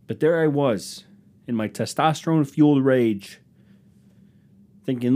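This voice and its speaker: With a measured pace, medium pitch and darkish tone, a young man hosting his podcast sarcastically tears into rude customers, parodying them through fake voices in a solo comedic rant.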